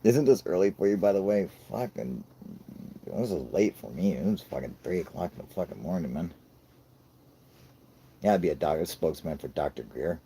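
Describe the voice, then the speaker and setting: A man's voice: low voice, lively intonation, normal speed, pauses often, mellow. An American man with a scratchy voice hosting a livestream, joking around with heavy swearing and frequent laughter. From United States. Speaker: livestream host reading chat. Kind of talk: casual profane banter.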